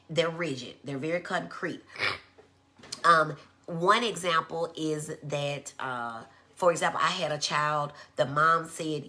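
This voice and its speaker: Low-voiced woman teaching. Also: sharp tone. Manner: conversational, acts out quoted speech in a high voice. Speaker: physician giving a talk. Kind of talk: live-streamed educational talk. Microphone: phone.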